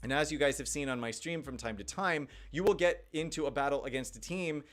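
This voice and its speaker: A man's voice: on the high side, brisk. Chatty man streaming a game. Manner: chatty, thinks aloud, reads chat. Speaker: gaming livestreamer. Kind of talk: casual live gameplay commentary.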